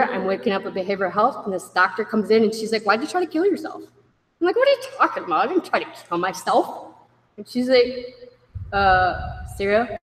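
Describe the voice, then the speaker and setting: A woman shares her own story with a group in a candid, wry way, briefly taking on the voices of the people in it. Her voice sits at a middle pitch. The sound carries the long echo of a big hall. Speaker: speaker sharing a recovery story. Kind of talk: personal testimony to a group. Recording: echoey hall.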